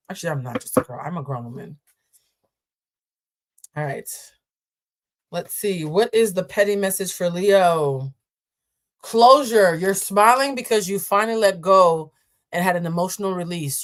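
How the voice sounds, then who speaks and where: A woman reads tarot cards on a live stream, sassy and chatty. She teases her viewers and keeps the talk loose and playful. Her voice sits at a mid pitch for a woman. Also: normal speed. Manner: sassy, playful and chatty, calls listeners "child". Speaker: tarot card reader hosting a live stream. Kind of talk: casual live-stream tarot reading, answering chat.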